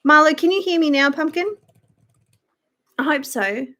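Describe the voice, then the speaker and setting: A YouTuber with a high, pushed, bright voice live-streams to chat at a moderate pace. She goes on a blunt, profane rant while answering viewer comments.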